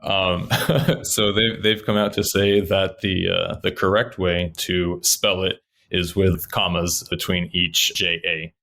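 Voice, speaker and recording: A man contributing to a podcast, telling news stories in a relaxed way and laughing often. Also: sits low, slow, vocal fry, a little hiss or hum. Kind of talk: casual chat.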